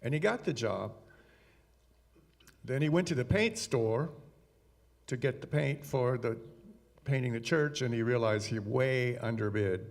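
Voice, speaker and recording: A man tells a long joke at a church service, narrating it in a folksy, storytelling manner. His voice is mid-pitched and ordinary. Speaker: congregation member telling a joke. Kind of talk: joke telling.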